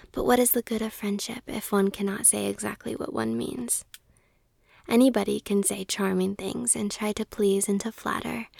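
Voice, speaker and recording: A woman whispering a smug lecturing miller, whispered role-play, gravelly and flat. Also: mid-range voice, no room sound, clean studio sound. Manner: preachy and condescending. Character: smug self-righteous male miller lecturing a friend.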